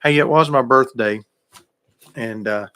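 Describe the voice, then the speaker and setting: A man's voice: medium pitch, a little slow, sharp tone. A middle-aged man, hosting a radio show in a casual, folksy way and greeting listeners in the chat by name.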